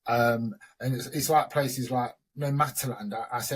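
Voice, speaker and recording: A middle-aged man from the with a husky, slightly breathy voice. He rambles through his stories in a loose, chatty way and is quick to laugh. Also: medium pitch. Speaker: host. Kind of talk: casual chat.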